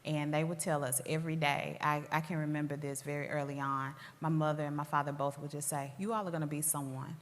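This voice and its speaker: A low-pitched woman in her forties with a Southern US accent, talking earnestly and proudly about her roots. Her voice carries a long hall reverb, as if she is recorded in a big room. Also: little pitch movement. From Tennessee, US. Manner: earnest, proud, measured storytelling. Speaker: school superintendent. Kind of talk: interview conversation.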